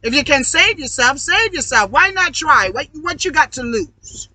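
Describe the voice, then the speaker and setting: High sharp voice preaching at y'all, swearing nonstop, dry close sound. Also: animated, normal speed, dry recording, poor audio. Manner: heated, preachy, swears constantly; calls the audience "y'all". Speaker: online video host. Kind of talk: profane ranting monologue.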